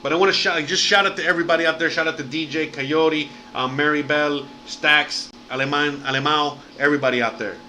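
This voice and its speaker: A man's voice: fairly high pitch, steady tone, a little fast, few pauses, pushed and bright, a little hiss or hum, low-quality recording. A man hosting a livestream, rambling and swearing freely with lots of fillers in casual chat. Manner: rambling and profane, heavy fillers. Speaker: livestream host.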